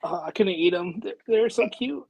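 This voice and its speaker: A man's voice: sits high, animated, normal speed, gravelly, husky, dull audio. A man from a band answering interview questions casually, easygoing and hedging with lots of "like". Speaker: band member guest.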